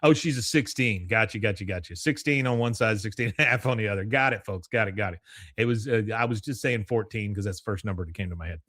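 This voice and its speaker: A man's voice: lowish voice, fast talker, a bit bright, no room sound, clean studio sound. A man casually recapping a cartoon episode as a podcast host, rambling with fillers and laughs.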